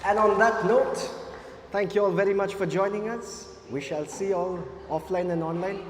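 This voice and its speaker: A man's voice: sits high, fairly even intonation, normal speed, heavy reverb, big-room sound, slight background noise. A man talking to a live audience, coaxing the crowd and teasing himself. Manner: playful, self-mocking, coaxing the crowd. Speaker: musician and beatboxer. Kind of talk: live talk to an audience, singing and demonstrating.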